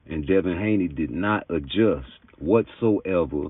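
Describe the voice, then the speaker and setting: Deep, low man, emphatic boxing commentator, thin phone-line audio. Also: a little slow, husky, no room sound. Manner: emphatic, argumentative, street-talking. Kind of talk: opinionated commentary monologue. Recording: tinny phone-like dry sound.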